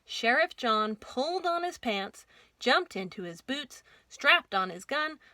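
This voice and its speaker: A woman librarian reads a cowboy picture book aloud to children, telling it in an expressive, folksy way. Her voice is high and bright, and she reads unhurriedly. The sound is close and dry. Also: unhurried, no room sound. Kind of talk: children's storytime reading.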